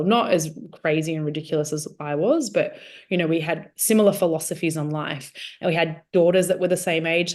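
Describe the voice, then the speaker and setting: Woman, low voice, casual storytelling, animated quoted dialogue. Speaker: guest sharing her testimony.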